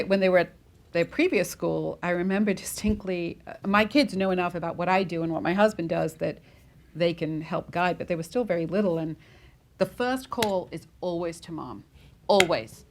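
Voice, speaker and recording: A woman in her forties speaks on a discussion panel, her voice low and gravelly with a rough fry. She talks candidly and reflectively, pausing on fillers and restarting her sentences as she works through her point. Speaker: panelist, newsroom leader.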